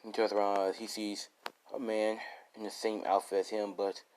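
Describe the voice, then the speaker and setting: A man with a fairly low voice tells an improvised fan story, rambling from one beat to the next. He fills every pause with loose fillers, casual and unscripted. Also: level tone, darkish tone, a little hiss or hum, rough recording. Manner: rambling, full of "you know". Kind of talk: improvised spoken fan fiction.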